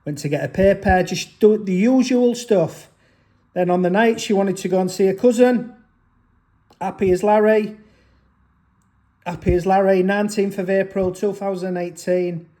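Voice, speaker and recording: A man's voice: high voice, moderate pace, long pauses, warm tone. A father telling a personal story in an aggrieved, rambling way, often restarting his sentences. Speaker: father vlogger.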